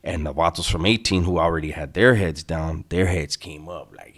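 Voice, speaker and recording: A middle-aged man with a very low voice. He tells a story in a laid-back, streetwise way, heavy on slang and swearing. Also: moderate pace, few pauses. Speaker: channel host telling prison stories. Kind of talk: casual storytelling to viewers.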